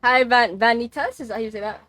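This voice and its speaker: A woman's voice: fairly high pitch, fairly even intonation, fast, sharp tone, no room sound. A young woman streaming a game, chatting casually, swearing, laughing and exclaiming as she plays.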